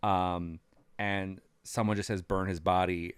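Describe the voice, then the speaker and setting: Low-voiced man recapping casually. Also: unhurried, smooth, no room sound. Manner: animated storytelling, frequent ums. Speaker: podcast co-host recapping as a cast member. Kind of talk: casual chat.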